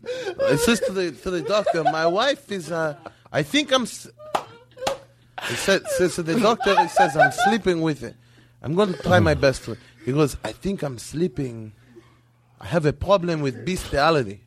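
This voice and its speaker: A man's voice: fairly high pitch, normal speed, over a noisy crowd. A man telling a joke on a podcast, laughing and acting out the characters' voices. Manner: animated, laughs through his own telling, acts out voices. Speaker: comedian guest.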